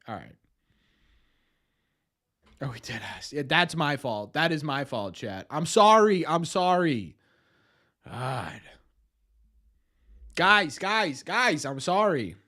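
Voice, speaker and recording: Excitable young man chatting to his stream. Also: medium pitch. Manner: excitable, self-mocking banter with chat. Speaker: livestream host. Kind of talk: casual live watch-party chat.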